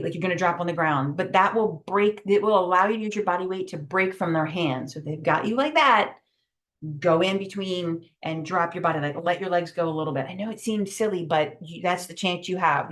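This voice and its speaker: Brisk, emphatic woman trainer. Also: fairly low pitch. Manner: brisk, emphatic, many fillers. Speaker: safety trainer. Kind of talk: virtual training presentation. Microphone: video call.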